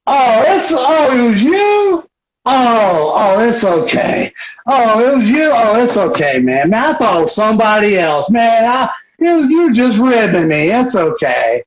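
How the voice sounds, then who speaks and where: A man's voice: animated, slow, full character voice. A man putting on the voice of a fussy drunk man at a party who whines and turns weepy, over roomy, dull lo-fi livestream audio. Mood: tearful. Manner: high, complaining whine that breaks into weepy pleading.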